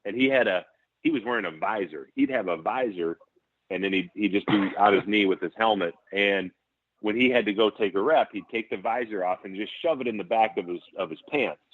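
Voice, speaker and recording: Lower-voiced man telling stories, phone-like. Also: fairly quick, dry recording. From Saint Paul, Minnesota. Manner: animated anecdote-telling with laughs and restarts. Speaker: former NFL center, guest. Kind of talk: casual storytelling. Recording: tinny phone-like line, dry.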